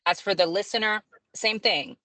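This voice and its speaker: A woman's voice: mid-range voice, moderate pace, pushed and bright, dry recording. A woman who narrates audiobooks and works as a librarian, answering interview questions in a chatty way, often laughing and using fillers.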